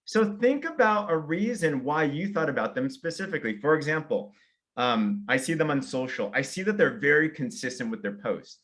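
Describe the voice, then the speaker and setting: A man giving an energetic sales training talk, walking through simple steps and acting out example messages. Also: on the high side. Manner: energetic, fast, acts out example invitations.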